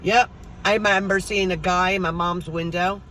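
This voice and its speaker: A woman's voice: on the low side, fairly even intonation, moderate pace, sharp tone, a little hiss or hum. A middle-aged woman vlogger, chatting casually to her viewers and telling stories, acting out the voices of the people in them. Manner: chatty storytelling, acts out voices.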